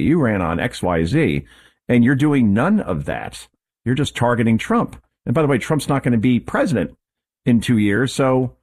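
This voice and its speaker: A man's voice: medium pitch, darkish tone. A man hosting a political commentary show, delivering an opinionated monologue with sarcasm and rhetorical questions.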